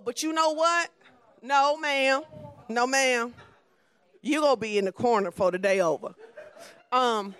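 A woman preaching a conversational sermon, blunt and emphatic, at times dropping soft and low.

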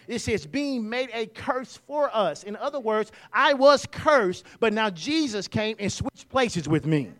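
A man preaching a sermon in a church, leading the congregation in call-and-response and rising to loud exclamations. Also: very high voice, lively intonation, unhurried, few pauses.

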